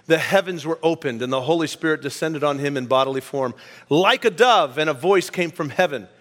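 Emphatic male preacher in a reverberant hall. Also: on the high side. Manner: emphatic preaching, rising and dropping to a quiet hush. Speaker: pastor. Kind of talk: sermon.

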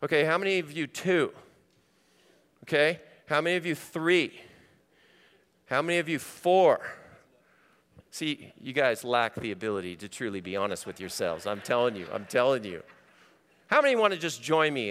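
A man preaching a sermon to a congregation, swinging from loud animated stretches to quiet, intimate ones. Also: medium pitch, moderate pace, clear, resonant tone, big-room sound. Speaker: pastor.

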